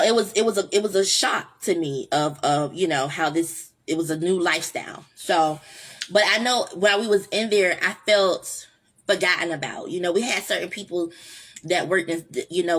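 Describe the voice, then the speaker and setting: A woman's voice: fairly low pitch, fairly bright tone. A woman hosting her own vlog, talking in an earnest, rambling way with lots of fillers and restarts. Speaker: vlog host. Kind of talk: casual heartfelt monologue.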